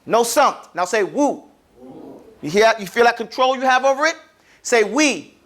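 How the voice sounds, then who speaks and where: High-voiced man teaching pronunciation to a class. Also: lively intonation, fast. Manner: calls on the class to repeat sounds after him; demonstrates sounds, sometimes loudly. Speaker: Arabic teacher. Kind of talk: classroom lesson on letter pronunciation.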